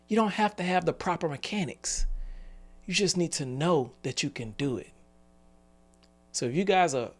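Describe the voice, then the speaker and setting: Guy in his 40s, gravelly voice, earnest motivational storyteller, chuckles as he goes. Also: medium pitch. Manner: storytelling, earnest, laughs between points. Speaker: business speaker. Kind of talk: motivational talk on a live call.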